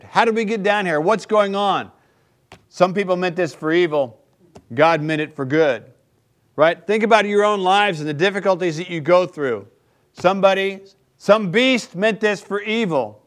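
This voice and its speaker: A male pastor preaching a sermon in a conversational way, often checking in with the listeners by asking "right?". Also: sits high.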